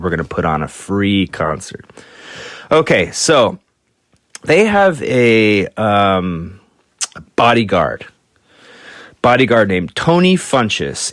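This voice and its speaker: A man's voice: a bit bright, dry recording, clean studio sound. A man hosting a podcast, telling rock stories in a loose, casual way, swearing freely and acting out quotes in a raised voice. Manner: loose, profane, acts out quotes in higher voices. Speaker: podcast host. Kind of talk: casual storytelling.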